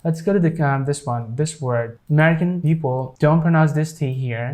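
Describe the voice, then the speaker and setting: A man's voice: mid-range voice, normal speed, hardly any pauses, a little mellow. A man teaching English pronunciation, explaining with many fillers and repeating example sentences. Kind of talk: pronunciation lesson.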